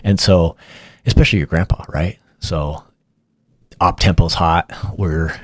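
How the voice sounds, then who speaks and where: A middle-aged man with an extremely low, deep voice recounts a long shift story in a loose, rambling way, restarting his sentences as he goes. The recording is dry and close, with no room sound. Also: measured pace, dry recording. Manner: relaxed, rambling retelling with fillers and restarts. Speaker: podcast host, former police officer. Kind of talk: casual storytelling.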